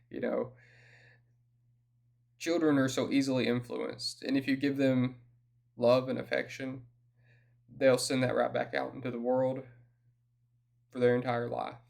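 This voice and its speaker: A man with a Southern US accent reading a quote from a gentle adult character who muses fondly on children, in a calm reading voice. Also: mid-range voice, gravelly.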